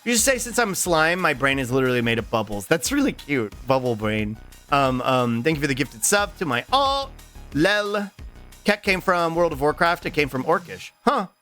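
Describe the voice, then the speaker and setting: A man streaming live, chatting loosely with his viewers in a lively voice that swings widely in pitch. He rambles, swears freely and fills gaps with ums and restarts. Faint music plays behind him. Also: fairly quick. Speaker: Twitch streamer. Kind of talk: casual live-stream chat, reading chat aloud.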